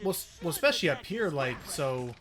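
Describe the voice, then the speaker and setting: A man casually commentating a video game with friends, rambling with quick asides. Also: on the high side, very animated, music in the background. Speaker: let's-play commentator.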